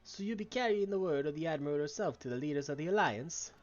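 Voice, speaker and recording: A man's voice: a little high, animated, fast talker, dull audio, faint music behind, close to an everyday voice. A man doing a boisterous old tavern keeper. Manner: rowdy, boisterous, full of slang. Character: bawdy old male tavern keeper, jovial and gruff.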